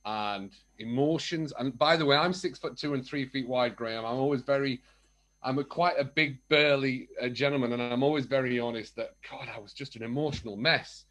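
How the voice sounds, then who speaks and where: Candid animated man telling his story. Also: medium pitch, brisk. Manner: candid and animated, acts out remembered dialogue. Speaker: podcast guest, coach. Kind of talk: casual chat.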